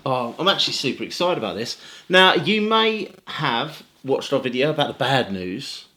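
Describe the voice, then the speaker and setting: A man's voice: medium pitch, sing-song, moderate pace, sharp tone. A man, co-hosting a hobby channel in casual, upbeat chat with a friend. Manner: upbeat, chatty, bantering. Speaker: channel co-host and editor.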